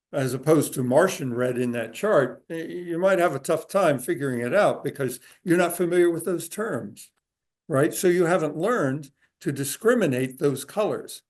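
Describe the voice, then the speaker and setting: Man giving a relaxed conversational lecture. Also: fairly high pitch. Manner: relaxed, explanatory, with frequent "uh" pauses. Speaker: speaker giving a talk to a group. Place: room with a live audience.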